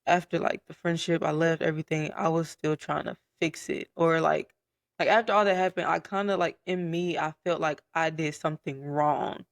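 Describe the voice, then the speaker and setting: A young man telling his personal story in a casual podcast chat, candid and soft-spoken, with frequent fillers. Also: a little high, fairly even intonation, normal speed, creaky, no room sound, studio quality. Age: young adult. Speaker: podcast guest.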